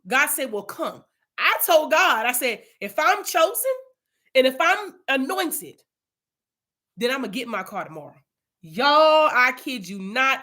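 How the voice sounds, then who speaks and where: A woman's voice: high-pitched, bright, forceful tone. A young woman leading an informal Bible study, chatty and casual, telling personal testimony.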